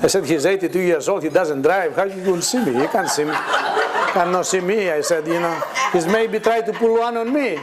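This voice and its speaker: Heavy background noise surrounds this man's high, slightly fast voice. He is a guest preacher giving a chatty testimony sermon to a responsive church congregation, laughing frequently and voicing the characters in his animated stories.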